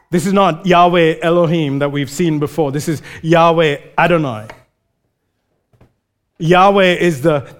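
A male preacher gives a sermon in an earnest, conversational manner, often stumbling and restarting his phrases. His voice is pitched fairly high for a man.

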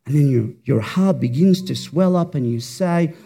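A man's voice: a little high, expressive, moderate pace, mellow. A man preaching a sermon, fervent and rhetorical, repeating words for emphasis.

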